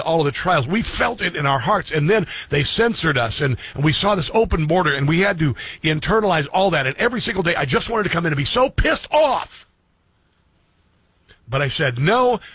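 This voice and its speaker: A man's voice: a little high, fairly bright tone, breathy edge, no room sound. A middle-aged man hosting a radio and streaming talk show, speaking earnestly to his listeners and repeating phrases for emphasis. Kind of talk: personal monologue to listeners.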